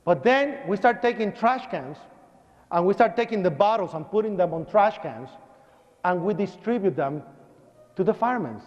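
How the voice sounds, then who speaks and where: A man's voice: sits high, animated, moderate pace. A Puerto Rican man giving a personal testimony speech in a church, acting out the dialogue of his story as he tells it. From Puerto Rico. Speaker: speaker. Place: church hall. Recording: dull broadcast audio with long hall reverb.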